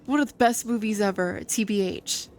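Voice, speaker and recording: A woman's voice: mid-range voice, moderate pace. Woman streamer, chatty and rambling, light music bed. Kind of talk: casual game commentary.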